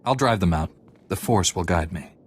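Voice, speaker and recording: A man voicing a calm, measured Jedi Knight in a game cutscene. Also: deep voice, breathy edge. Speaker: player character, a Jedi Knight. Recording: game audio with loud music behind.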